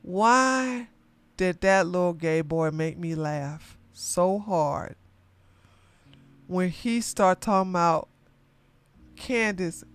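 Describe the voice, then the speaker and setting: Slow-talking, smooth-voiced woman streamer. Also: lowish voice, dry recording. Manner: chatty, laughs often, animated bursts. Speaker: livestream commentary host. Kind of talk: casual livestream commentary.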